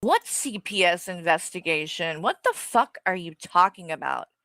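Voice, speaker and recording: A woman's voice: lowish voice, expressive, normal speed, pushed and bright, no echo. A woman streamer ranting angrily and profanely at her viewers and reading their comments aloud. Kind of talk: live stream rant.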